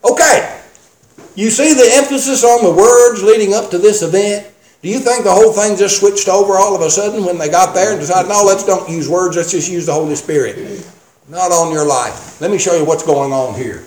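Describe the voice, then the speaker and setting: A man with a high-pitched voice delivers an emphatic sermon, stopping to read scripture aloud. He drives each point home with rhetorical questions. The sound carries a roomy echo. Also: fairly quick, a little mellow. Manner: emphatic, reads scripture in King James wording, asks rhetorical questions. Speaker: preacher.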